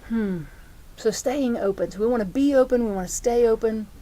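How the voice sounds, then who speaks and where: A woman's voice: on the high side, moderate pace, mellow. A middle-aged woman pastor giving a conversational sermon, telling personal stories in a heartfelt way. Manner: heartfelt, personal storytelling with frequent restarts.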